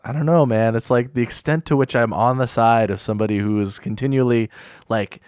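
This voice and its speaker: A man hosting a podcast who talks in a measured, reflective way, often pausing with fillers as he works through his thoughts. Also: lowish voice, smooth, no room sound, clean studio sound. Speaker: podcast host. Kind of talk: casual podcast conversation.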